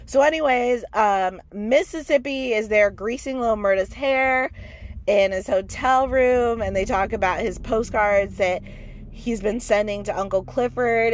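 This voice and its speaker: A woman's voice: on the high side, measured pace. A woman giving a blunt, opinionated and profane recap of a TV episode in a casual chat. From outside the American South. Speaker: TV recap host.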